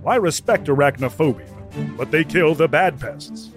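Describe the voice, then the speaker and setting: A man voicing a prim elf lord co-commentator who speaks in a measured, lecturing way. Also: fairly high pitch, music in the background, voice pushed up, close to an everyday voice.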